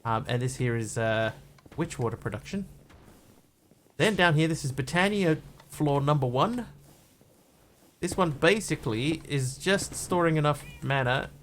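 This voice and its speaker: A man live-streaming a block-building game, chatting loosely with viewers as he plays and greeting new arrivals with bursts of excitement. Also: fairly high pitch, unhurried, slight background noise. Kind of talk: casual game commentary.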